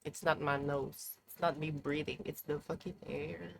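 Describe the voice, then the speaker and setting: A woman's voice: low voice, little pitch movement, normal speed, vocal fry, a little hiss or hum. A young woman chatting casually on a live stream, playful and mock-dramatic, swearing freely, from a room at home with a heater running. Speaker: livestreamer.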